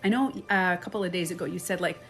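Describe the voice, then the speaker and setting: A woman talking casually on a live stream as a coach, chatty and animated. She acts out quoted phrases and laughs often. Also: lowish voice, rapid-fire, soft background music. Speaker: life and beauty coach. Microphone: phone.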